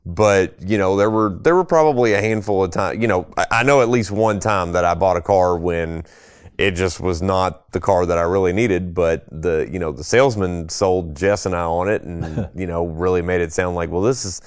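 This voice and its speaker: A man's voice: low voice, moderate pace, clean tone, no echo, studio quality. A man co-hosting a radio show, chatting in an easygoing, hesitant way. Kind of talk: casual radio chat.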